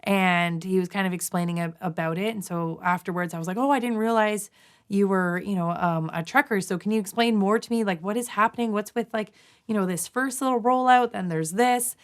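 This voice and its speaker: A woman's voice: medium pitch, a little fast, clean tone. A woman from Canada, in her thirties, telling a long personal story in a casual interview, full of fillers, restarts and quoted asides. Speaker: guest, nurse.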